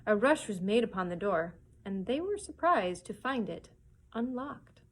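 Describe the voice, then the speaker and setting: A woman, a children's librarian, reading a chapter book aloud for story time, pausing now and then to show pictures. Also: medium pitch, very animated, a little hiss or hum, low-quality recording. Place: public library.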